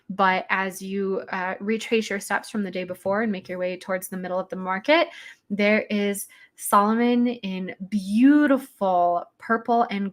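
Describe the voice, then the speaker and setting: A woman's voice: mid-range voice, fairly bright tone. A woman who talks in a chatty way with many fillers and asides, narrating as game master.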